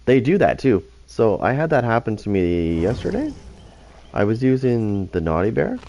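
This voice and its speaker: Low-voiced man rambling over gameplay. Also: sing-song, normal speed, gravelly, dark tone, a little hiss or hum. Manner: rambling, profane, restarts sentences. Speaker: gaming channel host. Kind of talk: casual gameplay commentary.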